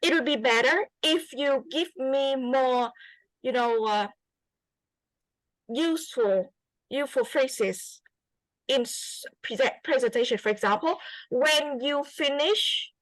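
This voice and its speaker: A woman's voice: high-pitched, slow pace, dry recording, rough recording. A woman with a Vietnamese accent giving an English student spoken feedback, encouraging and repeating her phrases with many fillers.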